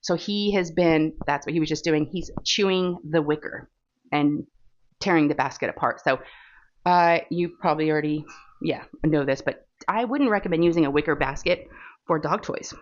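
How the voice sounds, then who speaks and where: A Texan woman with a low-pitched voice talks at a moderate pace while diamond painting for her crafting vlog. She chats casually and rambles with fillers, captured on a phone in a dull, lo-fi recording.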